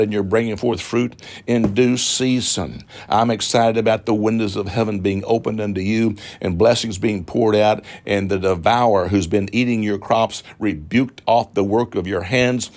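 A man's voice: lowish voice, steady tone, normal speed, darkish tone. A middle-aged man preaching a televised sermon as a televangelist, fervent and repetitive, drawing out emphatic phrases and appealing for donations. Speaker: televangelist pastor.

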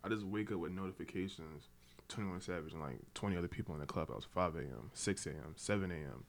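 A man's voice: low-pitched, quick pace, creaky. A man hosting a podcast in casual chat, joking with playful asides. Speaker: podcast host.

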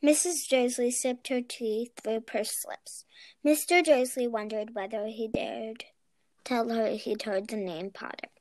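A woman reading a storybook aloud in a careful, measured way. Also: on the high side, steady tone, darkish tone, dry recording. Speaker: reader.

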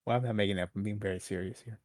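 A young man co-hosting a podcast, joking in a dry, deadpan way. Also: fairly low pitch, rapid-fire, no room sound. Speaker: podcast co-host. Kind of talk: casual chat.

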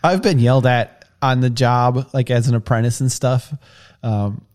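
A man's voice: mid-range voice, steady tone, normal speed, darkish tone. A man co-hosting a casual podcast chat, rambling with lots of fillers and restarts as he talks about work in the construction trades. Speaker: podcast co-host.

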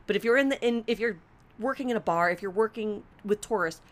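A woman's voice: mid-range voice, fast talker. A young adult woman in casual chat, telling a story with lots of swearing and acted-out quotes. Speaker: storyteller guest.

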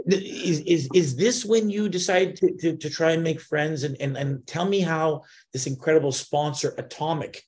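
A man hosts a casual interview and tells a story. He speaks in an animated way, with lots of quick restarts and repeated words. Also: a little high. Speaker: podcast host.

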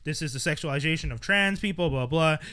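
A man in a loose podcast conversation, his voice pitched high and sounding very bright. He rambles through stories, often breaking into laughter. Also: fast. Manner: rambling, laughs while retelling sketches. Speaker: podcast co-host. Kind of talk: casual group chat.

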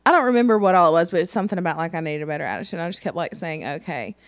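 A woman's voice: lowish voice, lively intonation, racing, smooth. A young woman, chatting casually on a podcast, laughing often and chiming in. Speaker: podcast co-host. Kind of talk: casual chat.

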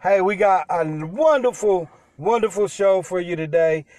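A man's voice: sits high, no room sound. A man co-hosting a podcast, chatting playfully in a casual, loose way. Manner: playful, drawn-out delivery with shouted pirate growls. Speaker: podcast co-host.

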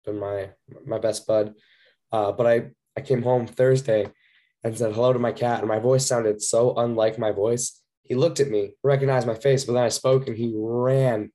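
A hoarse young man co-hosting a podcast, chatting casually with dry, self-mocking humor. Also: mid-range voice, fairly even intonation, moderate pace, mellow. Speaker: podcast co-host. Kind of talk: casual chat.

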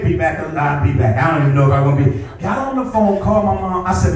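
A male pastor preaching a sermon with a personal story, animated, breaking into shouts and repeating phrases. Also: on the high side, fairly quick, hardly any pauses. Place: church sanctuary. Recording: echoey hall, mic at a distance. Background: congregation responding.

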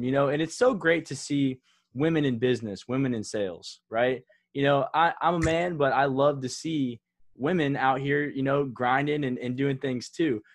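A man's voice: mid-range voice, no echo, clean studio sound. A young man in his twenties hosting a podcast, asking rambling questions full of fillers. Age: 20s. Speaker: podcast host. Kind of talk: casual interview.

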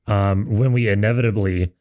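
A podcast co-host with a lowish, slightly mellow voice speaks at a moderate pace with fairly even intonation. He swears freely, laughs along, and speculates loosely about things he's heard on the casual show.

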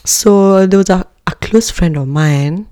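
A young woman, casually telling a personal story in an animated, dramatic way, slipping into Swahili slang. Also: on the low side, unhurried, no room sound, studio quality. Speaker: podcast host.

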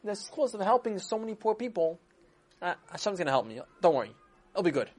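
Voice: medium pitch, very animated, brisk, a little mellow, pitched above the performer's own voice. A storyteller voicing a hopeful, devout diamond dealer who pleads earnestly with the king.

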